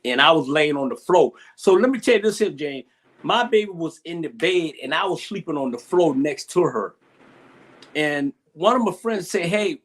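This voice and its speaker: As a guest in a video-call interview, a middle-aged man with a fairly high voice recounts something personal. Emotion shows as he repeats himself and keeps starting over.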